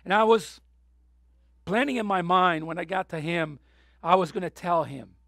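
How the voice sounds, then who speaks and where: High gravelly preacher guy, gets fired up then goes quiet, dry close sound. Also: moderate pace, no echo. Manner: impassioned, swings from soft to loud; emotional, near tears. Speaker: pastor. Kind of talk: sermon.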